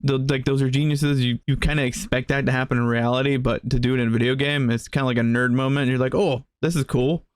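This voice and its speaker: A man talks through a video game in a loose, chatty way, laughing along as he plays. His voice is smooth and clear, recorded close and dry with no room sound. His pitch sits right in the middle. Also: flat delivery, quick pace, hardly any pauses, no room sound. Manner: casual, chatty, laughs often. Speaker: gaming channel host. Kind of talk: let's play commentary.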